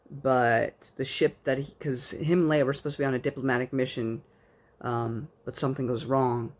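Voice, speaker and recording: A man giving a casual spoken book review, rambling like an enthusiastic fan with plenty of fillers. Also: mid-range voice.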